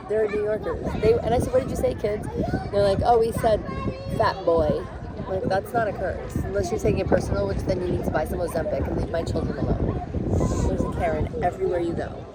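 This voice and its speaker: A woman's voice: fairly low pitch, steady tone, fast. A woman vlogging outdoors at a lagoon, ranting in a sarcastic, profane way. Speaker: vlog host. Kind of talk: casual on-location vlogging. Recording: loud crowd and outdoor noise.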